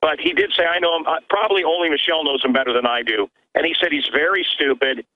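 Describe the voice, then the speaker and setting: A man's voice: a little high, fast. A man who is a radio host calls in as a guest, talking emphatically from his own studio with stammering restarts. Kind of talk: animated call-in conversation. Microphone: telephone line. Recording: tinny phone line.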